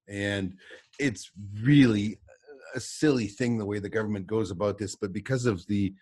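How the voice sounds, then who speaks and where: Male guest, deep and husky, rambling storyteller who laughs a lot. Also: a little mellow, no room sound, studio quality. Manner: rambling storyteller, chuckles often. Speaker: guest trapper. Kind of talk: casual podcast chat. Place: office.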